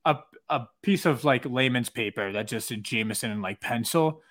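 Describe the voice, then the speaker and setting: A man's voice: mid-range voice, moderate pace, a bit bright, no echo, clean studio sound. A man co-hosting a casual drinking podcast, joking and profane, full of fillers. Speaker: podcast co-host.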